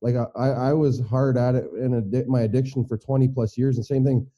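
A middle-aged man hosting a casual conversation, earnest and halting, often restarting his sentences. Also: mid-range voice, fairly even intonation, mellow. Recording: dull lo-fi recording.

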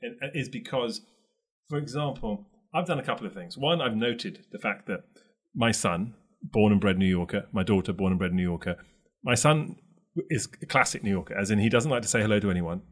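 A middle-aged London man with a local accent co-hosts a casual chat, his voice lowish, husky, and a little fast. He's an animated storyteller who acts out quoted voices.

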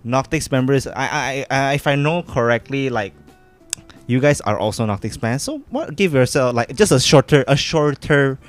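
A man's voice: medium pitch, expressive, normal speed, faint music behind. A young man from Malaysia co-hosting a podcast, talking casually in playful, slangy, teasing banter. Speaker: podcast co-host. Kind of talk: casual chat.

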